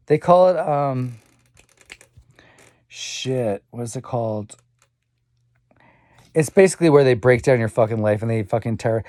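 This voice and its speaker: A man's voice: medium pitch, measured pace, long pauses, warm tone, no room sound, clean studio sound. A young man talking in a rambling, repetitive personal monologue, swearing often and muttering asides. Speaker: vlogger.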